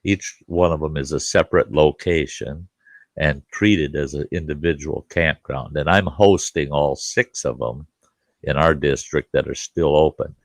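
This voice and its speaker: Deep gravelly middle-aged man telling yarns. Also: measured pace, no echo. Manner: rambling, profane, laughing at his own stories. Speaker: campground host. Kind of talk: casual live chat storytelling.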